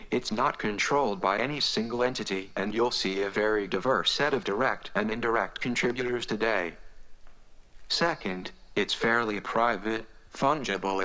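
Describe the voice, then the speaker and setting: A synthetic male voice reading a prepared conference speech in a flat, robotic monotone. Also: lowish voice, poor audio. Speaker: conference speaker.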